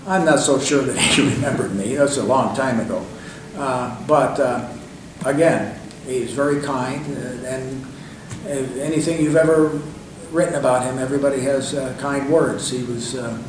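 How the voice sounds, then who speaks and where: A man's voice: mid-range voice, fairly even intonation, moderate pace. An older man, a guest in an interview, telling long anecdotes in a loose, conversational way with many fillers and restarts. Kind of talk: rambling anecdotal storytelling. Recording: echoey room, distant mic, faint hiss.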